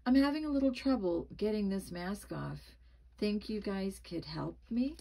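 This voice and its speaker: A woman voicing a teenage boy who gloats over a prank, with a slightly gravelly voice. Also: medium pitch, expressive, normal speed, dark tone, a little hiss or hum. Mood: sheepish. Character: teenage boy pranking friends in a creepy mask.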